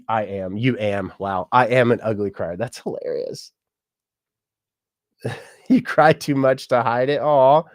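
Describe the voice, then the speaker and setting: A man's voice: fairly low pitch, dry recording, clean studio sound. A man who works as a musician and mortician, chatting casually on a livestream and reading out viewer comments. He is upbeat and laughs often.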